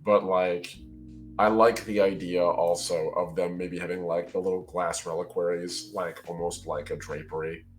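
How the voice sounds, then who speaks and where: A man's voice: low voice, level tone, moderate pace. A man chatting casually on a live stream, brainstorming ideas in a loose, rambling way full of fillers. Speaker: worldbuilding stream host. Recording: faint music underneath.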